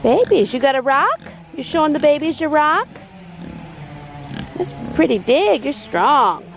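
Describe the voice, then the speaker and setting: A woman's voice: sits high, sing-song, measured pace, gravelly, soft background music. A woman giving a small child a casual tour of the farm animals, talking in a sing-song way.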